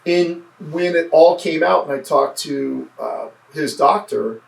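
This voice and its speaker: Gravelly, earnest man in a roomy space. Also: on the high side. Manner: earnest, reflective, halting restarts. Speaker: podcast guest, former state senate candidate. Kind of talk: casual interview conversation. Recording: roomy, mic at a distance.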